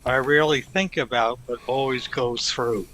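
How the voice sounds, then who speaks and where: A man's voice: mid-range voice, fairly even intonation, normal speed, pushed and bright, slight background noise, poor audio. Hesitant man reading a note. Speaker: congregant sharing a thought.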